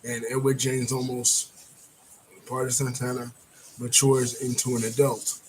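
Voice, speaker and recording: A man's voice: mid-range voice, level tone, unhurried, a little mellow, a little hiss or hum, poor audio. Rambling man recapping a film. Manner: rambling, clears throat, many fillers. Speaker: movie reviewer. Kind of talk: casual plot recap.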